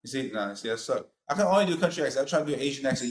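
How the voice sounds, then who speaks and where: A man's voice: mid-range voice, expressive, racing, echoey room, low-quality recording. A man chatting casually as a podcast guest, laid-back and slangy, laughing often. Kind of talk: casual chat.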